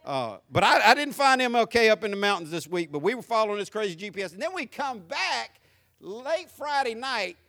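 A man's voice: sits high, very animated, a little fast, fairly bright tone. A middle-aged man with a Southern US accent, preaching a sermon as a pastor and telling humorous stories to his congregation.

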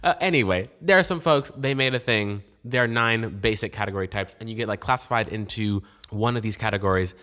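A young man with a fairly low voice co-hosts a laid-back chat. He rambles and jokes, filling his talk with ums and likes. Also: fairly quick, hardly any pauses, pushed and bright. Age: young adult. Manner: rambling, filler-heavy, jokey. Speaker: podcast co-host. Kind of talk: casual chat.

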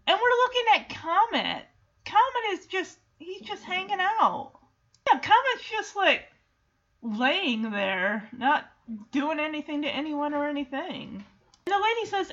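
High-voiced woman recapping a sitcom, sarcastic. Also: measured pace, muffled recording. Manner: animated, sarcastic, chatty. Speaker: recap podcast host. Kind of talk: casual episode recap commentary.

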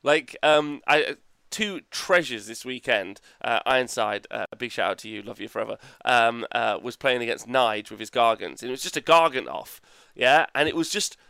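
A man's voice: a little high, sharp tone, smooth, no echo. A man co-hosting a podcast in casual chat, enthusiastic and rambling, laughing often and swearing casually. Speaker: podcast co-host.

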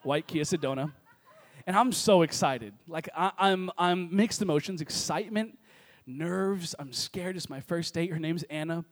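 High-voiced energetic young pastor. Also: male voice, normal speed. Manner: energetic, joking storyteller. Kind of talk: sermon. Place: church service with congregation.

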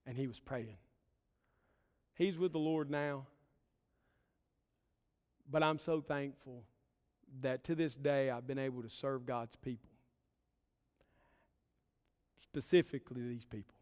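A man's voice: medium pitch, measured pace, pauses often, a little mellow. A man preaching a sermon as pastor, earnest and building his points in short emphatic phrases. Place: church sanctuary. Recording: long reverb of a church hall.

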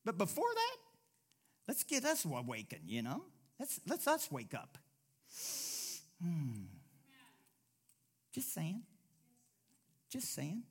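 A male pastor preaching a sermon, swinging from low, quiet asides to loud exclamations and mimicking whiny voices when he quotes people. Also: wildly swooping pitch, takes it slowly, pauses often, husky.

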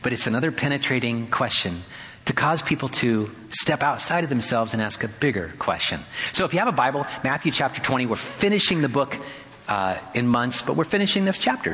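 A male pastor delivering a sermon in a conversational, animated way, with touches of wry humor. His voice is bright and forceful. It carries the long reverb of a church sanctuary. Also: medium pitch. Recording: hall reverb.

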